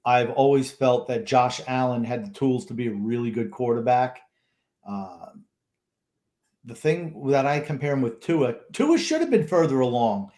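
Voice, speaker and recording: A man's voice: mid-range voice, expressive, moderate pace, darkish tone. Blunt, opinionated male sports podcaster. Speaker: podcast co-host. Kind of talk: casual sports talk.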